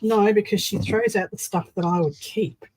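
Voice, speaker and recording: A woman's voice: medium pitch, fairly even intonation, moderate pace, a little mellow, poor audio. An Australian woman hosting a casual crafting livestream, chatting to viewers as she glues and assembles a project. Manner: chatty, talks while working with her hands.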